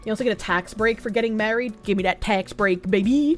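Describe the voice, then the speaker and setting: A woman's voice: mid-range voice, fairly quick, hardly any pauses, faint music behind. A woman, streaming and chatting casually as she reads out donations, swearing freely and gasping now and then. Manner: lively, swears casually, gasps and sings snippets. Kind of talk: casual livestream chat reading donations.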